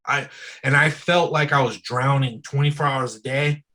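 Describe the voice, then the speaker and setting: A man's voice: mid-range voice, steady tone, normal speed, sharp tone, poor audio. A man as an interview guest in casual, candid conversation, speaking loosely and frankly and often saying "bro" and "dude".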